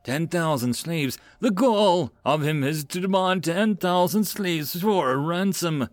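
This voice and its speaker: A man's voice: on the high side, very animated, measured pace, gravelly, no room sound, voice pushed up, heavily acted. A man voicing a spoiled, arrogant young male lord who rants indignantly in an audiobook. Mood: ranting. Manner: indignant ranting.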